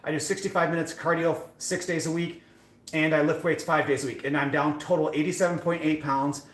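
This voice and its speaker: In casual live-stream chat, a young fitness streamer wanders through a self-deprecating tale packed with fillers. His slightly high, somewhat bright voice moves a little fast with fairly even intonation, and the room sounds echoey.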